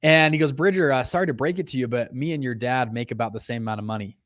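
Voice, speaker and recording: A young adult man, a podcast guest, telling stories in a casual chat and acting out quoted lines with big jumps in pitch. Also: fast, a bit bright. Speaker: podcast guest, fund founder.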